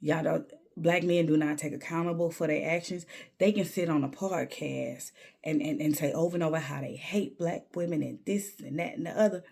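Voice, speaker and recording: Husky, gravelly woman telling a story. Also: low-pitched, normal speed, darkish tone. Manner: emphatic, repeats words when worked up. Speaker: vlogger. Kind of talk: candid storytelling monologue.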